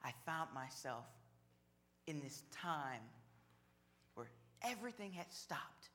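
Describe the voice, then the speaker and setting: A man preaching a sermon, slow and measured, building on repeated phrases. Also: on the high side, big pitch swings, sharp tone. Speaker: pastor.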